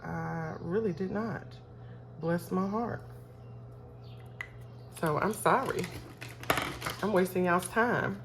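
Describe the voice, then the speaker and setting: A fairly low-voiced woman chats away to her viewers and counts bills out loud. Her talk is loose and friendly, full of asides to the audience, with a faint hum of room noise behind her. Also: slow, vocal fry, long pauses. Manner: chatty, talks to viewers as y'all, counts aloud. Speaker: budgeting vlogger. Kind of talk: casual chat while counting cash.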